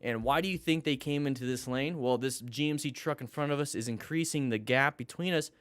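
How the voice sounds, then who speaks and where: A medium-pitched, fairly bright male voice moves fairly quickly in a dry recording. He's a motorcycle riding instructor running a live-streamed class reviewing riding videos, bantering with viewers and coaching in high spirits.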